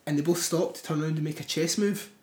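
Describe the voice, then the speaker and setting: A man, co-hosting a podcast, telling stories in an animated way with swearing and laughter. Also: fairly high pitch, fast talker. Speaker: podcast co-host. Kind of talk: casual chat. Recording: echoey room.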